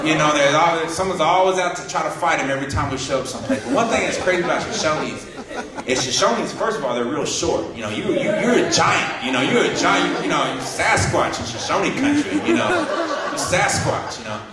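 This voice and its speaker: Male stand-up comic, high, lively voice, echoey hall, audible crowd. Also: fairly quick. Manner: animated storytelling, acting out other people's voices. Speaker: stand-up comedian. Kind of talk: stand-up comedy set. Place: hall with a live audience. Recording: echoey hall from far off, audience laughing.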